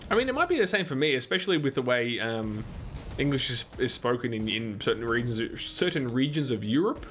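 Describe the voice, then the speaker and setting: A man's voice: medium pitch, sing-song, fairly quick, a bit bright, slight background noise. An Australian man hosting a live gaming stream, chatting casually and answering viewers' comments between moments of play. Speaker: livestream host.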